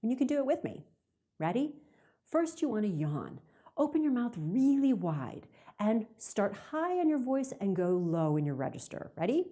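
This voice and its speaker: A woman who works as a voiceover artist, talking casually to camera as she gives communication tips and shows vocal warm-ups. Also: on the high side, normal speed. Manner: lively, chatty, demonstrative. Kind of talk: direct-to-camera tips video.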